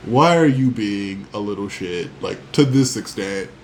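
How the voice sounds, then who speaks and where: A man's voice: on the low side, lively intonation, measured pace, a little hiss or hum, poor audio. A man in his twenties giving a blunt, casual film opinion, swearing and filling with "like". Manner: blunt and sweary, many "like" fillers. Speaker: podcast co-host. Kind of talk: casual movie review chat.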